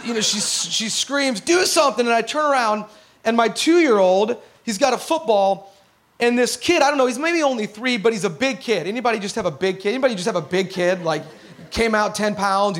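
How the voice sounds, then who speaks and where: A man's voice: high-pitched, a bit bright. A man in his thirties, a pastor preaching a chatty, emotional sermon in church. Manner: conversational and emotional, with a lot of laughter.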